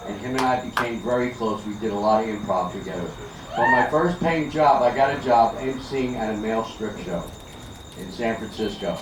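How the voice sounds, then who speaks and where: A man's voice: fairly low pitch, normal speed. An older man works a backyard party crowd with chatty, teasing stand-up. He is from Philadelphia and tells stories. The sound is distant and echoey, with party noise all around. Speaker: stand-up comedian. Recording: echoey, distant, noisy outdoor party recording.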